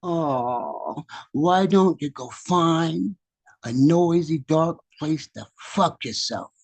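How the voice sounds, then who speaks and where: A soft, gentle inner voice speaks mildly but bluntly, as a man puts it on. It is slow and husky, close to a murmur. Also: fairly high pitch, lively intonation, full character voice. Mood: hurt.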